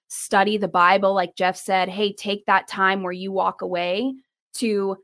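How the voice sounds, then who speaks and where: A young woman speaking as a podcast guest, giving earnest advice and acting out quoted dialogue with a lifted voice. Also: creaky. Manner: animated, acts out quoted dialogue with rising pitch.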